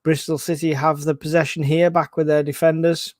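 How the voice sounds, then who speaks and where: A man giving excitable, casual live fan commentary on a football match, groaning and swearing at the play. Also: on the high side, a little fast, no echo, clean studio sound.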